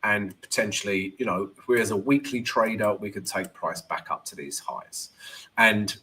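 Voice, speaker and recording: A man's voice: lowish voice, normal speed. Man hosting a casual live trading Q&A. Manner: energetic, casual, ends phrases with "right?". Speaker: trading stream host.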